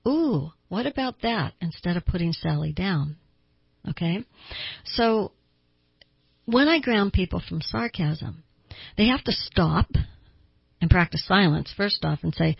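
Low, gravelly woman giving emphatic advice. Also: lively intonation, unhurried, pauses often, no room sound, dull audio. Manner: emphatic, repeats words for stress. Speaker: self-help talk show host. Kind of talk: advice talk to listeners.

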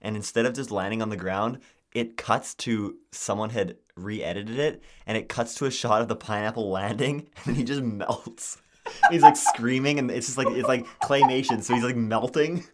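A young man co-hosting a podcast, chatting casually and telling animated stories full of fillers. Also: mid-range voice, normal speed, slight background noise. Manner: animated storytelling with lots of fillers. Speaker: podcast co-host. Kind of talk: casual chat.

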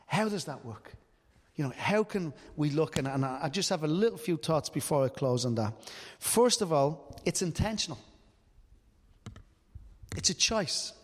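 A man's voice: a little high, expressive, normal speed, pauses often, big-room sound. A middle-aged man preaching a sermon as pastor, earnest and full of rhetorical questions.

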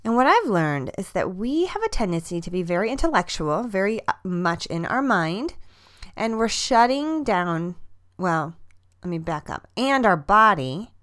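A woman's voice: medium pitch, sing-song, measured pace, a bit bright. A woman hosting a podcast, talking in an earnest, emphatic way about mind, body and feelings, and repeating words for stress. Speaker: podcast host, fitness coach. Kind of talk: personal motivational monologue.

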